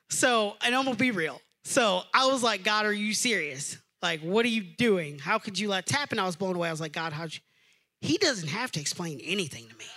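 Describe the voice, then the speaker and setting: A young adult male pastor delivers a sermon in a high, bright voice. He swings between loud, emphatic preaching and quiet, personal storytelling.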